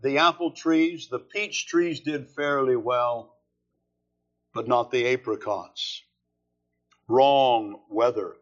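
A man preaching an expository sermon, with slow, deliberate and emphatic phrasing. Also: mid-range voice. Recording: dull lo-fi sermon recording.

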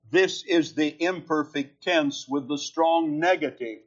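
A man preaching a sermon, slow and deliberate, leaning hard on key words. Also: a little high, a bit bright, muffled recording. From California.

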